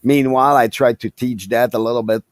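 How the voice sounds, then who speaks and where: A man from Quebec, as his first tongue, talks earnestly in casual podcast chat. His middle-pitched voice sounds dry and close to the mic. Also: fairly even intonation, no room sound. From Quebec, Canada. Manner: earnest, halting phrasing. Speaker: podcast co-host.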